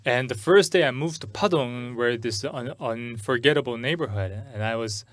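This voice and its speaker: At a church service, a middle-aged pastor preaches in English, telling a personal story haltingly and often repeating or restarting words. His voice is mid-range with a fairly bright tone, and the recording is dry.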